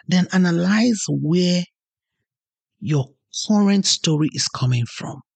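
A woman's voice: fairly low pitch, lively intonation, takes it slowly, creaky, a little mellow, breathy edge, dry recording. A woman hosting a podcast, giving an earnest motivational talk and telling personal stories. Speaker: podcast host.

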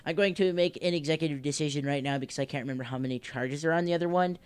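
A game master narrating a tabletop game, giggling and tossing out quick asides. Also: medium pitch, clear, resonant tone.

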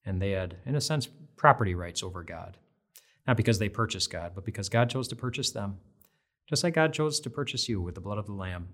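Earnest low-voiced male Bible teacher. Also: lively intonation, a little fast, a bit bright. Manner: earnest, conversational, repeats phrases for emphasis. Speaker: devotional speaker.

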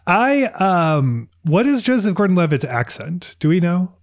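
A man's voice: high-pitched, measured pace, dry recording. Chatty male podcast host, dry sound. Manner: relaxed, chatty, with filler words. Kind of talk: casual podcast chat.

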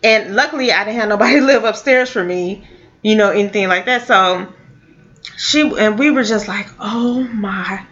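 A woman telling a personal story in a casual, halting way, with many fillers and restarts. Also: mid-range voice, a bit bright. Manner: halting, full of fillers and restarts, laughs now and then. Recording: dull lo-fi audio.

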